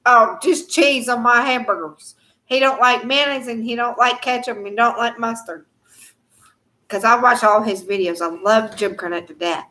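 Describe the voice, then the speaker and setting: Chatty higher-voiced woman. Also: moderate pace, sharp tone. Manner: chatty, laughs often, trails off with fillers. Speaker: live chat host. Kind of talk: casual rambling chat.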